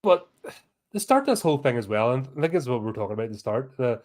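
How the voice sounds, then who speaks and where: A man's voice: medium pitch, very animated, very fast, darkish tone. Blunt, sweary Northern Irish man. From Northern Ireland. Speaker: podcast co-host. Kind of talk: casual podcast chat.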